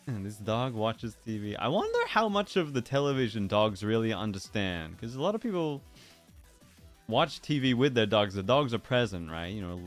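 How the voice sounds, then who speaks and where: Playful low-voiced man musing on stream. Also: big pitch swings, normal speed, soft background music. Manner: musing, playful, drifts into silly put-on voices. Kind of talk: casual livestream chat.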